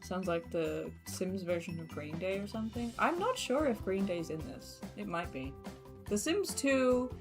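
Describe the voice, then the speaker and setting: A young woman with an Australian accent chatting casually while streaming a game, laughing often and filling pauses with ums and likes. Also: on the low side, expressive, music in the background. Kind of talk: casual gameplay commentary.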